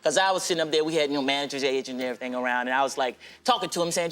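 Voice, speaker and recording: A male comedian telling stories in interviews, acting out every voice with lively energy. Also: on the high side, very fast, few pauses, faint music behind. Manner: animated, acts out every voice in his stories. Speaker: guest comedian. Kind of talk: comic storytelling in interviews.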